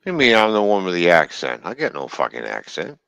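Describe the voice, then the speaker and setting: A man's voice: low voice, huge pitch swings, fairly quick, creaky, a bit bright, dry recording, highs cut off. A man with a Canadian accent hosting a casual stream panel, blunt and teasing, with frequent swearing. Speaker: stream host. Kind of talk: casual chat.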